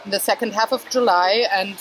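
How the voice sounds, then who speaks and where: A woman's voice: medium pitch, fairly even intonation, a little fast, a bit bright, rough recording. A woman vlogs to a handheld camera as she walks around an outdoor flea market. She chats easily, laughs often and keeps a mid-range voice. A faint outdoor hum sits behind her. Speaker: vlogger. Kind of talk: casual chat.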